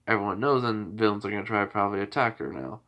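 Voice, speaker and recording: A man voicing a calm, weary young male hero in a storytelling retelling, talking in a low-key, resigned way. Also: fast. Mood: urgent.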